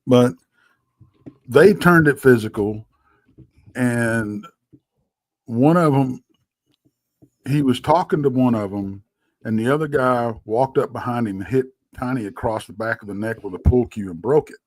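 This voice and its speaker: A man's voice: medium pitch, measured pace, pauses often, a little mellow, no echo. A middle-aged man, co-hosting a live talk show and telling folksy stories with laughs. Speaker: co-host. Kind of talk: casual storytelling chat.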